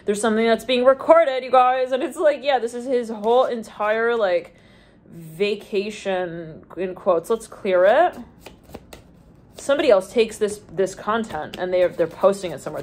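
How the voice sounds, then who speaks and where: A woman talks through a tarot spread in a loose, wandering stream of thought. She leans on "like" constantly and drops half-finished phrases to start again. Her pitch sits in an ordinary middle range, with faint background noise under her voice. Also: darkish tone. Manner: rambling, stream-of-consciousness, heavy use of "like"; trails off and restarts mid-thought. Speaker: tarot reader. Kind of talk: intuitive tarot reading.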